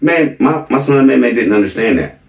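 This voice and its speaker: A man's voice: medium pitch, lively intonation, brisk, vocal fry, recorded from a distance. A middle-aged man casually telling a family story to his viewers, emphatic and often asking "right?". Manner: emphatic, keeps checking in with "right?". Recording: roomy, from off the mic.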